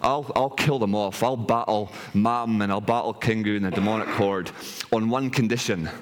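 A man's voice: lowish voice, normal speed, close to an everyday voice. A man voicing a brash, muscular male warrior god who boasts he will win. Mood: boastful. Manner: boastful, bargaining.

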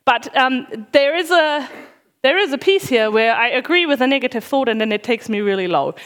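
A woman's voice: high voice, animated, fairly quick, fairly bright tone. A middle-aged woman, a parish worker, giving an informal sermon in a chatty, self-deprecating way with many fillers.

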